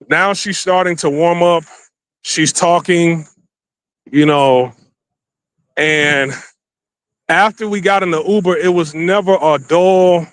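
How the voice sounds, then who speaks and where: Out on city streets, a man vlogs on a handheld phone camera, casually recounting a dating story. His fairly high voice is slangy and animated as he plays each person in the quotes. No room echo colors the dry sound.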